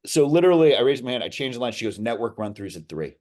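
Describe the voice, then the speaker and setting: A middle-aged man, an actor being interviewed, telling stories in a lively, rambling way with many restarts and asides. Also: medium pitch, quick pace. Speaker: actor, guest. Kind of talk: casual interview storytelling.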